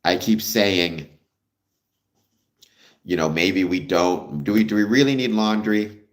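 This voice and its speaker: A man's voice: low-pitched, slow. A Canadian man hosting a livestream, chatting casually with viewers in a friendly, rambling way with many ums. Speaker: livestream host.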